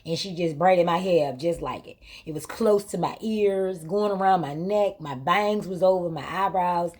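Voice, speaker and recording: A woman's voice: lowish voice, moderate pace. A woman hosting her own vlog, telling a story in casual, colloquial speech with emphatic repetition. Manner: emphatic, repetitive retelling with lively quoted exchanges; colloquial, vernacular grammar. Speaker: vlog host.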